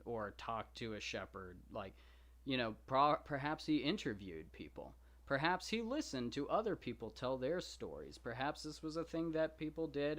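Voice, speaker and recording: A man's voice: medium pitch, a bit bright. Rambling Texan man chatting with viewers. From Texas. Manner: rambling, lots of fillers, self-deprecating asides. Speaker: podcast host reading the Iliad. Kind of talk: casual live-stream chat answering viewer questions.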